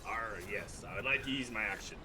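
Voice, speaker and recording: A man's voice: fairly low pitch, a little fast, sharp tone, distant mic. A man playing at a tabletop game, growling "arr" before his lines in a pirate way. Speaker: player.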